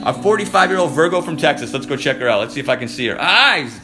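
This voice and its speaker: A man's voice: a little high, animated, fast talker. A man hosting a casual live stream, flirting with and teasing viewers as he reads their comments, with guitar music behind him. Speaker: livestream host. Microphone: phone.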